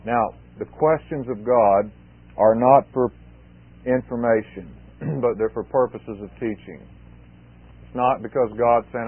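A man's voice: medium pitch, measured pace, breathy edge, dry recording. A man preaching an expository sermon, emphatic and repeating key phrases for weight. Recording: tinny phone-like sermon recording.

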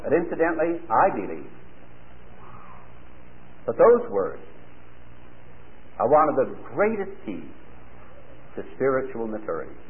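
A man preaching a sermon, telling folksy stories in an animated way. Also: medium pitch, unhurried, long pauses. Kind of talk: sermon with anecdotes. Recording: tinny old radio broadcast.

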